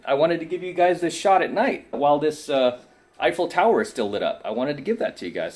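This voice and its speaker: A man's voice: a little high, very animated, a little fast, darkish tone. A tired man giving an assertive, preachy coaching monologue to camera, often asking "right?". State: tired from lack of sleep. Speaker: self-help coach.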